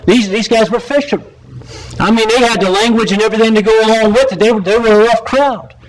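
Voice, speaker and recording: A man's voice: high-pitched, fairly even intonation, fast talker, rough recording. Earnest preacher man, restarts often. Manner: earnest, repeats and restarts words. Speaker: pastor. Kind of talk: sermon with storytelling. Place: church sanctuary.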